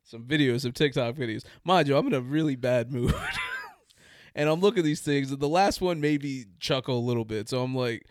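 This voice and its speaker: A man's voice: medium pitch, fairly quick, no room sound, studio quality. A man hosting a podcast, telling a long casual story in a rambling, self-mocking way. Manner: rambling, self-mocking, laughs through his own story.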